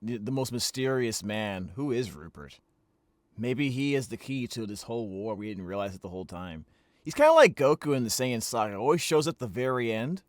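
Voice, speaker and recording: Lively man riffing in a dry room. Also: mid-range voice, a little fast, no room sound. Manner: goofy, rambling asides. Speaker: co-host. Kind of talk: casual comedic banter.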